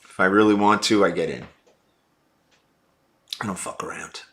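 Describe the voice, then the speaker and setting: A man's voice: low-pitched, moderate pace, a bit bright. A man hosting a casual live stream, answering viewer chat in a blunt, brash and profane way.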